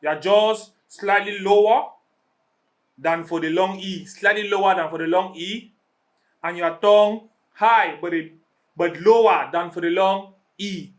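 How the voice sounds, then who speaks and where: A man with a rather high voice teaches an English pronunciation lesson at a slow, deliberate pace. He demonstrates each vowel, repeats it patiently and keeps checking that the class is following.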